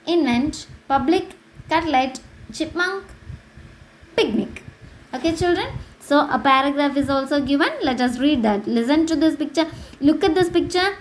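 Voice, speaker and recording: A woman with an Indian English accent teaches children in a high, bright voice. She talks slowly and repeats words, sometimes spelling them out letter by letter. A faint hiss of background noise runs under her. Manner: slow, repetitive, spells out words. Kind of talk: online English lesson for children.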